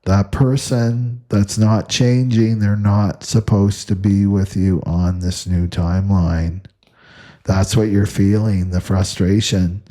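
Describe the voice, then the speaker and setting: Low slow man giving spiritual advice. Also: warm tone. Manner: repetitive, asks "right?" constantly. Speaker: astrology teacher. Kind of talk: spiritual talk to camera.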